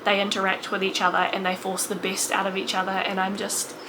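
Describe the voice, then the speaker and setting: A young woman in her late twenties speaks to camera in a personal vlog, her voice sitting at a middle pitch. She talks in an emotional, rambling way, stopping and restarting with fillers as she goes. A steady hiss of noise sits under the recording. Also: a little fast. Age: 20s. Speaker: vlogger.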